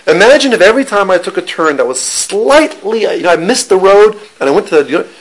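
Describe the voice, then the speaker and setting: A man's voice: high voice, big pitch swings, brisk, low-quality recording. Chatty man teaching a Torah class. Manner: conversational, restarts, jokes with listeners. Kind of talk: informal Torah lesson.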